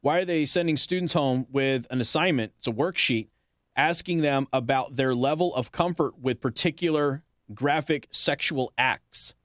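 A man's voice: mid-range voice, normal speed, fairly bright tone, no echo, studio quality. A man hosting a talk radio show, making his points with pointed rhetorical questions and hiccuping now and then. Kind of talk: opinionated talk radio monologue.

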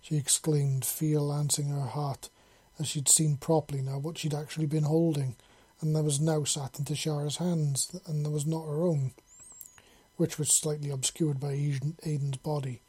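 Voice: mid-range voice, little pitch movement, moderate pace, mellow, breathy edge. A narrator reading fan fiction aloud, unpolished, with slips and self-corrections.

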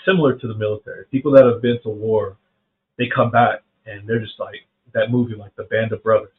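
A man's voice: fairly low pitch, steady tone, a little fast. A middle-aged man from South Carolina hosting a faith podcast, talking casually and earnestly, often saying "man" and restarting his sentences. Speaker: podcast host. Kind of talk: reflective faith talk. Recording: phone-like narrow band.

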